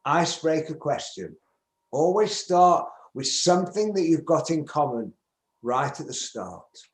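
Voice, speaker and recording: A man's voice: a little high, sing-song, measured pace. A man in his seventies from Manchester with a northern English accent, giving an emphatic conference talk and acting out sample conversations. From England, Manchester. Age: 70s. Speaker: business skills speaker. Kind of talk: conference presentation. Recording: roomy echo.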